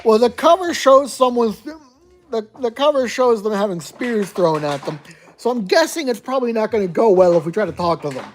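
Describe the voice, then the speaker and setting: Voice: medium pitch, expressive, a little fast. A player reading a choose-your-own-adventure gamebook aloud, narrating evenly and making wry asides.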